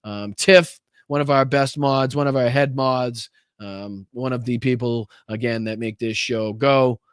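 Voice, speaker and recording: A man's voice: mid-range voice, fairly even intonation, measured pace, clean tone, dry recording, studio quality. A man hosting a political livestream, talking casually with a Boston accent, heated and repetitive, with lots of fillers and restarts. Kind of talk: casual livestream commentary and viewer shout-outs.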